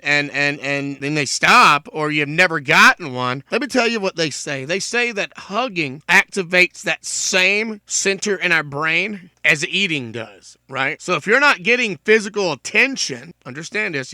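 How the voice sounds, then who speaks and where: Earnest guy hosting solo, bright forceful voice, dry close mic, keeps repeating himself. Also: high voice, dry recording. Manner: earnest, repeats himself, addresses listeners as folks. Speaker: podcast host. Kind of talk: heartfelt solo monologue.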